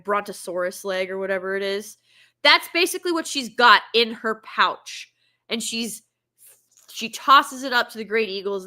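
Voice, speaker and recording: A woman's voice: medium pitch, pushed and bright. A woman giving a casual film reaction review, sarcastic and exasperated as she rants.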